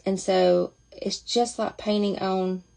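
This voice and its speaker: A woman's voice: mid-range voice, fairly even intonation, slow pace, vocal fry, mellow. A woman talking casually through a makeup demonstration, chatty and thinking aloud as she goes. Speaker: makeup seller demonstrating products.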